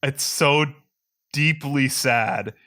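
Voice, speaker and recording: Podcast co-host, male, bright and forceful, playful segment leader. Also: medium pitch, very slow. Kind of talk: casual chat.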